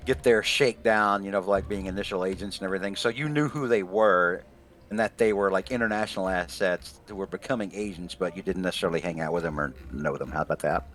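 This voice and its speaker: A man's voice: sits low, quick pace, fairly bright tone, soft background music. A man running a tabletop game over an online call, talking in a loose, rambling way with casual swearing. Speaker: game master.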